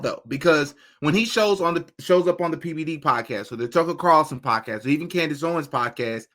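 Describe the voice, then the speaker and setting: A man co-hosting a podcast, making a measured, articulate argument in casual political commentary. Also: on the high side, pushed and bright.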